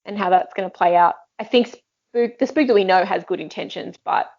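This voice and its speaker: Podcast co-host, woman, low gravelly voice, thoughtful and musing. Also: fairly quick, a little mellow, muffled recording. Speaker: book club podcast co-host. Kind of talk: casual discussion.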